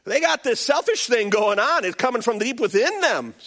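Animated high-voiced male pastor preaching. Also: moderate pace. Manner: animated preaching with call-and-response and acted-out voices. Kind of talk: sermon.

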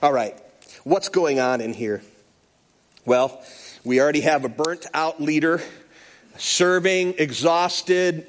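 A man preaches a sermon in a high, bright voice, with a pitch that leaps all over the place. He tells the story playfully, throwing in humorous asides to the congregation. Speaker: pastor.

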